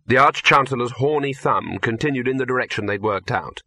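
A man narrating an audiobook in a lively, expressive way. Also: medium pitch, a little fast, hardly any pauses, dry recording.

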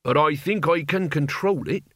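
A man's voice: fairly high pitch, normal speed, a bit bright, dry recording, studio quality. A man voicing an earnest, intense young man in an audiobook. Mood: anxious. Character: young man, anxious turning menacing. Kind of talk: audiobook character voice.

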